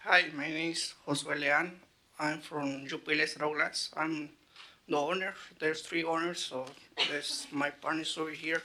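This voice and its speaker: Hesitant man with a flat, bright voice. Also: fairly high pitch, unhurried, slight background noise. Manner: hesitant, broken phrasing with frequent "you know". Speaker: business owner giving public comment. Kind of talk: public comment at a council meeting. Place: city council chamber.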